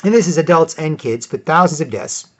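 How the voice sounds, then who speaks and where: A man's voice: a little high, lively intonation, fairly quick. Rambling sarcastic man vlogging. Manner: rambling, sarcastic, frequent restarts and fillers. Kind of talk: opinionated commentary reading articles. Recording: dull lo-fi audio.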